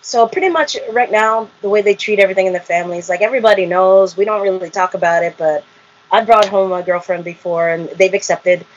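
A woman's voice: medium pitch, fast, slight background noise. A woman, a reality show cast member, telling her story in an interview, acting out quotes and laughing often. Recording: muffled lo-fi audio.

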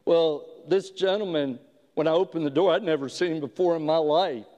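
A man preaching a sermon as a pastor, telling a story slowly with frequent halting restarts. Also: on the high side, dark tone, muffled recording. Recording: long hall reverb.

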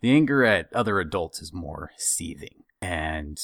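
A man's voice: low voice, measured pace, vocal fry, no echo, studio quality. A man telling a funny family story in casual chat, acting out the voices of the people in it. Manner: animated, acts out quoted voices.

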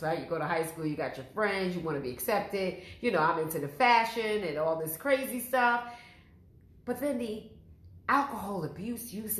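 A woman's voice: medium pitch, a little hiss or hum. Female podcast host, earnest testimony, talks straight to listeners, echoey room. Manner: earnest, direct address to listeners. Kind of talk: faith-based personal testimony.

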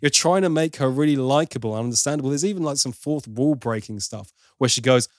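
A man's voice: mid-range voice, quick pace, few pauses, no echo, studio quality. A man giving an opinionated, casual film review as host, now and then mimicking for laughs. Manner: opinionated, playful mimicry of accents.

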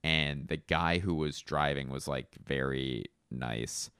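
A stand-up comedian from Philadelphia telling a rambling, casual anecdote full of fillers and self-corrections. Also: male voice, rumbling low, slow, bright, forceful tone, clean tone, no room sound, clean studio sound.

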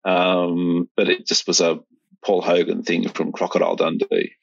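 A middle-aged man with an Australian accent talks in a relaxed, rambling way, restarting sentences often. His voice sits very low and sounds husky. The recording is dry and lo-fi. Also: normal speed, no echo. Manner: rambling, many restarts and fillers. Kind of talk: casual conversation. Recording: dull, lo-fi sound.

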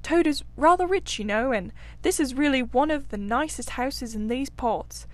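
A cheerful, good-natured water rat from a storybook, read by a woman. He talks briskly and eagerly about his friends, in a voice pitched a little high. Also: expressive, no echo. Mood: fond.

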